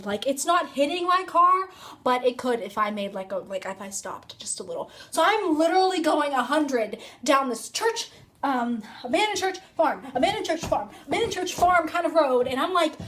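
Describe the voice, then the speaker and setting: A woman's voice: high voice, expressive, normal speed, a bit bright. A young woman vlogger telling a rambling casual story into her phone, full of "like" and fillers. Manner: chatty, rambling, filler-heavy "like".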